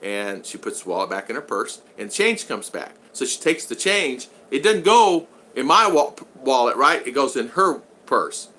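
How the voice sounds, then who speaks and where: An older man talks casually to a livestream audience, wandering from story to story. His voice is bright and forceful, and a faint noise sits under it. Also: medium pitch, sing-song, normal speed, few pauses. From United States. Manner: rambling anecdotal storyteller with frequent restarts. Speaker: vlogger reading live chat.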